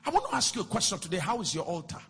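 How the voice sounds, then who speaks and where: A man preaching a sermon in a sing-song cadence that swells into shouts, repeating phrases and questioning the congregation. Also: high voice, very animated, very fast, husky. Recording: long reverb with faint music.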